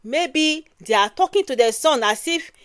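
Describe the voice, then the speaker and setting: A woman's voice: sits high, expressive, a little slow, a bit bright, no room sound. A woman from Nigeria with a Nigerian accent giving emphatic casual commentary, repeating phrases and ending lines with "oh".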